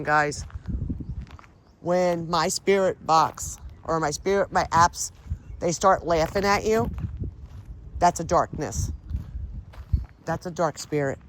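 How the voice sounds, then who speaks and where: A woman vlogging a paranormal walk outdoors, questioning spirits aloud and talking to her viewers. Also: deep voice. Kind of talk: casual ghost-hunting vlog. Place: outdoors, sunny rural grounds. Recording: outdoor recording with background noise.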